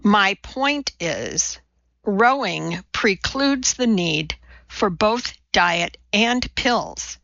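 A woman's voice: medium pitch, big pitch swings, very slow, gravelly, a bit bright, no echo, lo-fi sound, full character voice. A woman reading the part of a blunt, precise female scientist lecturing a TV audience.

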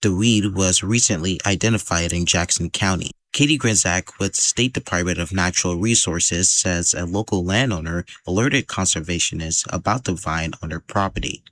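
A man reporter narrating a radio news feature in a calm, steady way. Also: low-pitched, normal speed, hardly any pauses.

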